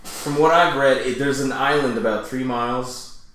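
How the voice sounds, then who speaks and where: A man's voice: mid-range voice, normal speed, a bit bright. Man, comedy podcast co-host, rambling jokey chat, laughs a lot, heavy room echo. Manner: joking, rambling, laughs often. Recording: very echoey room.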